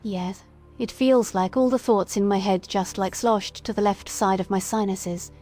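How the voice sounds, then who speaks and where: A woman's voice: mid-range voice, unhurried, mellow. Rambling woman streamer over faint music. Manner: rambling, lots of filler words. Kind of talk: casual live-stream chat. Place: at home playing a VR game.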